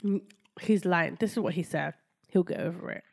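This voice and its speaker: A woman's voice: lowish voice, normal speed, creaky, darkish tone. A young woman co-hosting a podcast in casual chat, often laughing and playfully contradicting her co-host.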